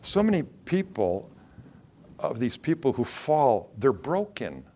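In an easy, conversational style, a pastor delivers his sermon, regularly putting rhetorical questions to the congregation and acting out quick quotes. His middling-pitched voice has a dark tone and a sing-song lilt.

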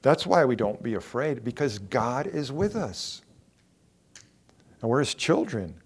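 A man preaching a sermon, earnest, repeating key phrases for emphasis and swinging between quiet and emphatic delivery. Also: mid-range voice, very animated, measured pace, breathy edge. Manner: earnest, repetitive emphasis, rising and falling in intensity.

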